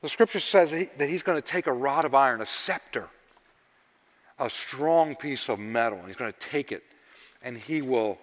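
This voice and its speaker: A man preaching a sermon, telling stories and swinging between loud emphasis and hushed asides. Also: medium pitch, expressive, normal speed. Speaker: pastor. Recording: long reverb of a large hall.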